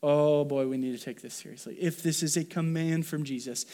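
Guy preaching in church, kinda high voice, chatty, keeps asking the room stuff. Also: fairly even intonation, fairly quick, dark tone. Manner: conversational, asks the congregation questions. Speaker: pastor. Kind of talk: sermon. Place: church sanctuary.

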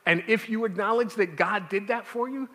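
A man's voice: high voice, moderate pace, a bit bright. A man preaching as a pastor, talking conversationally with asides and restarts. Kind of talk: sermon. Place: church sanctuary. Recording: long church reverb.

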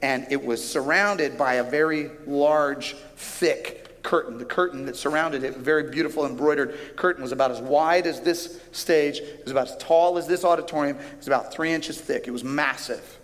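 A male pastor delivers a sermon with an animated, emphatic style, slowing down and lifting his voice for key lines. His voice sits a little high. A long reverb trails behind his voice in a large auditorium. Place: large church auditorium with a stage.

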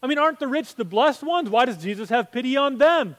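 Male pastor, high voice, chatty sermon delivery with plenty of rhetorical questions, long church reverb. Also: animated, a little fast, a bit bright. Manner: conversational, asks rhetorical questions.

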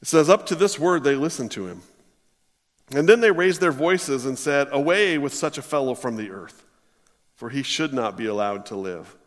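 A man preaching a sermon, reading scripture aloud and then expounding on it with emphatic, drawn-out stresses. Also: mid-range voice, expressive, in a large hall.

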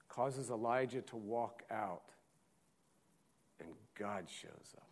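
Male pastor, mid-pitched voice, dramatic sermon delivery with loud and hushed passages. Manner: swings from loud urgent preaching to hushed slow reading.

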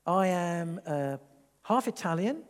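A man from England, preaching a sermon in a church, animated and rambling with frequent restarts. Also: sits high, slow pace, big-room sound. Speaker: pastor. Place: church hall.

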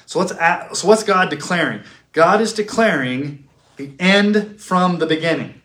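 A man giving a classroom theology lecture. He asks questions, answers them himself, and slows down to stress key words. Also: high voice, a bit bright. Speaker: teacher. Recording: echoey room.

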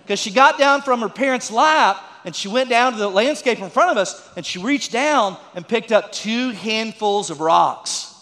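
A man's voice: very high-pitched, animated, normal speed, hardly any pauses, fairly bright tone, in a large hall. A man preaching a folksy sermon as a pastor, with joking asides and calls to the congregation.

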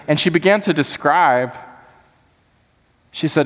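A man's voice: mid-range voice, expressive, normal speed, in a large hall. A man preaching a sermon as pastor, earnest and building to impassioned emphasis.

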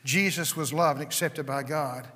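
A man preaching in a church sanctuary, his high voice carrying a long reverb through the hall. He is dramatic, sinking to near whispers and then climbing to ringing shouts. His tone is bright and forceful as he acts out the characters in his story. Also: moderate pace. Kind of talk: sermon.

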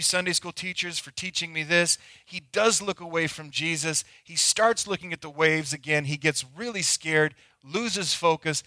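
A male pastor preaching a sermon, moving between loud acted pleas and near-whispers. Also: a little high, no echo, studio quality.

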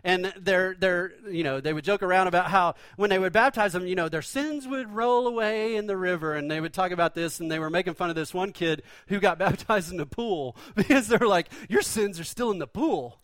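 Guy preaching, high voice, chatty and jokey, dry close sound. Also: brisk, hardly any pauses, fairly bright tone, no echo. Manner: conversational storytelling with humor. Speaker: pastor. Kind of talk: sermon.

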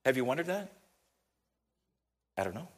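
An American man telling a story in a sermon, chatty and animated, often asking his listeners questions. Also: medium pitch, moderate pace. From United States.

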